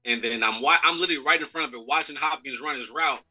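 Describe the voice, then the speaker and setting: A man's voice: on the high side, quick pace, faint music behind, poor audio. An American man in his thirties, a former pro football player, telling a locker-room story in a live interview, acting out quotes and laughing. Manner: lively storyteller who acts out quotes and laughs.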